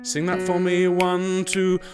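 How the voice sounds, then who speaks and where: Man, slightly high voice, choir rehearsal leader, encouraging, counting in, piano playing behind. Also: completely flat delivery, slow. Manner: encouraging, counts in and sings phrases as examples. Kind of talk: online choir rehearsal teaching.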